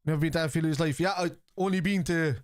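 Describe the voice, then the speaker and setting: The voice is on the high side, steady and rapid-fire, belonging to a middle-aged Irishman streaming a football watchalong. He swears, comments on the match and answers his chat viewers in a chatty way. The audio is clean studio sound with no room sound.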